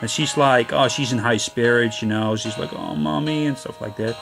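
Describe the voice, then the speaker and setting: A man's voice: medium pitch, fairly even intonation, normal speed, fairly bright tone. A man giving casual, rambling let's-play commentary, often apologizing and restarting his sentences, recorded on a camera mic aimed at a handheld console screen. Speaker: gaming channel host. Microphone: camera mic filming a handheld console screen. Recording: game music playing behind the voice.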